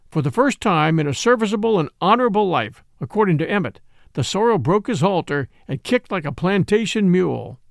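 Male host-narrator for a classic western audiobook: gravelly, dry close sound, expressive delivery. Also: high-pitched, brisk, no echo. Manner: lively, expressive storytelling. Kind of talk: reading a classic western novel aloud.

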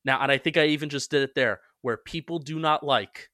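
A young man co-hosting a sports podcast, talking casually with quick restarts and self-mocking asides. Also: a little high, sharp tone, dry recording, clean studio sound. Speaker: podcast co-host.

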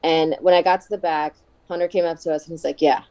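A woman's voice: sits low, little pitch movement, fast, dark tone, clear, resonant tone. A woman in her thirties, a guest chatting casually in an interview, telling backstage stories and acting out quoted voices. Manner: chatty, laughs often, acts out quoted voices. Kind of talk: casual podcast interview storytelling.

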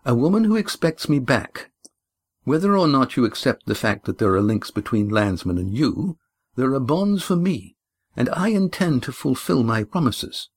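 A man's voice: mid-range voice, very animated, normal speed, breathy edge, voice pushed up. A man voicing a defiant, impatient young man in an audiobook, speaking earnestly and insistently.

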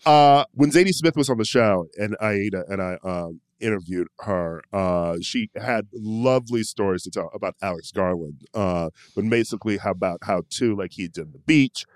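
Low-voiced man in casual podcast chat. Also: normal speed, hardly any pauses, dry recording, clean studio sound. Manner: chatty, tangent-prone, laughs often. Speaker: podcast co-host.

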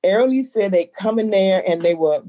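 Mellow-voiced woman telling a lively story. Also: medium pitch, brisk. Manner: animated storyteller acting out quoted voices. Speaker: bookstore owner. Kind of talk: storytelling in an interview.

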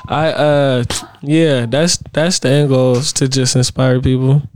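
A man, a musician guest on a podcast, talking earnestly about his goals in halting casual speech. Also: medium pitch, fairly even intonation, a little mellow, a little hiss or hum. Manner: earnest, halting, repeats "you know what I'm saying". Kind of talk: casual interview chat.

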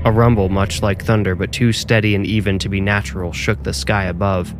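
A man narrating a scripted horror story in a measured, even storytelling way. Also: on the low side, over music.

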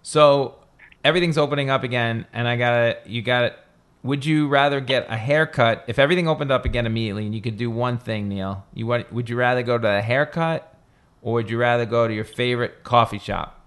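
A man's voice: mid-range voice, fairly even intonation, brisk, fairly bright tone, clear, resonant tone. Rambling, playful male podcast host. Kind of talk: casual podcast chat.

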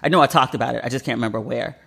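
A woman's voice: rumbling low, rapid-fire, creaky, a bit bright, slightly rough. A woman hosting a podcast, retelling a story in a chatty, emotional way with lots of fillers. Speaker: podcast host. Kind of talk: casual solo podcast storytelling.

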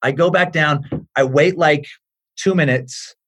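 Animated storytelling man with a higher voice. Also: unhurried, slight background noise. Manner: lively, acts out the voices in his stories, swears freely. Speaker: podcast guest, comedian. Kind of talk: animated storytelling in casual chat.

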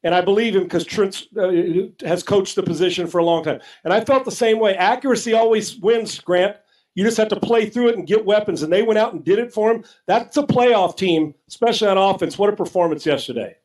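A man's voice: sits high, brisk, a little mellow, low-quality recording. A man co-hosting a sports talk show, arguing emphatically and casually with some profanity, often repeating words as he starts a sentence.

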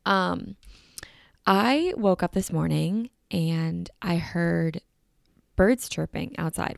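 A woman's voice: deep voice, vocal fry, darkish tone, dry recording, clean studio sound. A young woman hosting her podcast in casual, rambling chat, with a groggy morning voice. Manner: chatty, rambling, upbeat. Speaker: podcast host.

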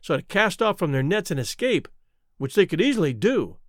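A man reading a classic short story aloud in an expressive, dramatic narration. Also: high-pitched, a little fast, no echo, studio quality. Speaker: audiobook reader.

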